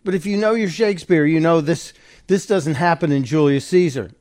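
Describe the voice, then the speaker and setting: A man hosting a live talk radio show, narrating a clip in an animated, sarcastic, opinionated way. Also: on the high side, fairly quick, dry recording, clean studio sound.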